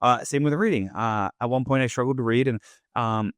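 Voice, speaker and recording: A man's voice: mid-range voice, fairly quick, a bit bright, no echo. A man hosting his own podcast, talking in a loose, casual monologue full of "like" and "right?". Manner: loose, chatty, leans on "like" and "right?". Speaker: podcast host.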